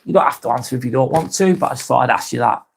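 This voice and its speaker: A man hosting a casual live stream, talking softly and unhurriedly, apologising often and reading out viewer comments. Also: medium pitch, vocal fry. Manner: soft, unhurried, apologetic, with frequent ums and restarts.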